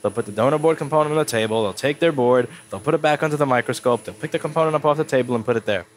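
Rapid-fire and mid-range, a repair technician with a stuffy cold casually explains a circuit board repair at his workbench. He turns blunt and swears when annoyed, and there's a little hiss or hum.

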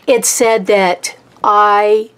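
A tired art vlogger from Texas, who has a Norfolk, Virginia accent, chats casually while she paints, rambling a bit and poking fun at herself. Her voice is medium-pitched and a bit bright, with a steady tone and drawn-out words.

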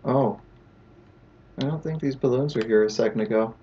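A man's voice: mid-range voice, moderate pace, dark tone, lo-fi sound, a little hiss or hum. Joking man commentating a horror game. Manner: jokey, talks to the game. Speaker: let's play host. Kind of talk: gameplay commentary.

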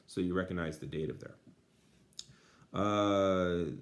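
Low-voiced man teacher translating Latin. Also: moderate pace. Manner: many uh fillers, dry asides. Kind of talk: translating a textbook aloud.

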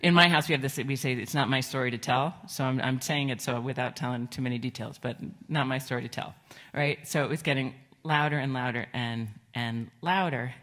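A middle-aged woman pastor giving a children's sermon in a church, gentle and conversational, asking the children questions. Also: rumbling low, brisk, hardly any pauses. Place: church sanctuary.

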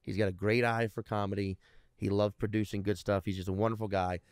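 A man's voice: fairly low pitch, flat delivery, quick pace, a little mellow, clean tone, no room sound, clean studio sound. A man in his thirties, a comedian guest, telling rambling stories in casual interview chat and swearing constantly. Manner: heavy swearing, rambling storyteller.

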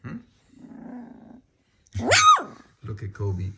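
A man's voice: medium pitch, very animated, slow pace, vocal fry. A man filming his dog's puppies, talking to them in cooing baby talk between casual narration. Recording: loud background noise. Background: puppies and dogs.

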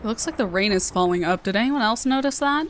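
Southern American woman gaming host, mid-pitch, playful let's play chatter. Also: animated, fast talker, a little hiss or hum. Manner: chatty, playful, talking to herself.

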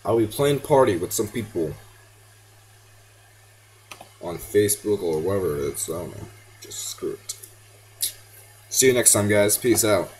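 A teenage boy gamer commentates casually at a measured pace, pausing often, in a fairly low voice on a low-quality recording with slight background noise. Excitable, he yelps and pleads at the game, slipping into now and then.

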